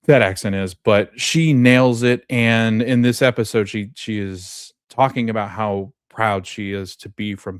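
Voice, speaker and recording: A man with a fairly low voice talks through a TV episode recap in loose, meandering sentences, often stopping to restart a thought. The recording is dry and close, with no room sound around him. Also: no echo. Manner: rambling, with fillers and self-corrections. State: just waking up, coffee kicking in. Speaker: podcast host. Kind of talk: casual recap commentary.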